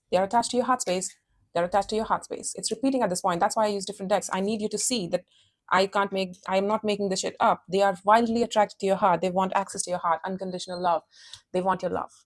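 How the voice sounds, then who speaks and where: A woman's voice: mid-range voice, a little mellow. Intense, emphatic woman tarot reader. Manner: intense and emphatic, repeats phrases; calls listener honey. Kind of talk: casual spoken tarot reading.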